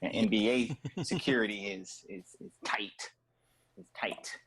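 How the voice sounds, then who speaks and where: A man's voice: on the low side, unhurried, fairly bright tone, a little hiss or hum, poor audio. A man being interviewed as a guest artist. He is playful and teasing and laughs easily. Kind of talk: casual interview.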